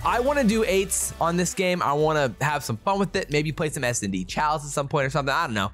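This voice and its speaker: A young man calling his own shooter match with excitable, trash-talking energy. His voice sits a bit high and leaps all over the place as he reacts. Game music plays clearly behind him. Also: fast talker. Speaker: gaming youtuber. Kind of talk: live gameplay commentary. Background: music and gunfire from the game.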